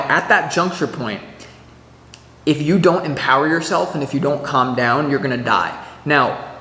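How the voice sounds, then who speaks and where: Male tarot reader, mid-range voice, rambling and animated, recorded in a reverberant room with a long tail. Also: medium pitch. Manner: chatty and animated, full of "like" and restarts, acts out little scenes. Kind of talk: casual weekly tarot reading to camera.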